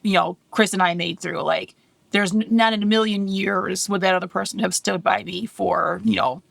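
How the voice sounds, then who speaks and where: Candid mom podcaster with gravelly voice. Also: female voice, mid-range voice, steady tone, normal speed, no room sound. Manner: candid, chatty, laughs often. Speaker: podcast co-host. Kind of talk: casual podcast chat.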